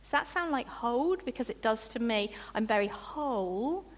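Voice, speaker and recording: A woman preaching a sermon in an animated way, acting out grumbling voices. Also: on the high side, moderate pace. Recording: long reverb in a large hall.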